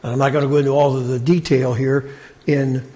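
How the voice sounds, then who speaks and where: A man preaching a sermon in a conversational, halting way, often restarting his sentences. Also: mid-range voice, level tone, warm tone. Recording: long reverb of a large hall.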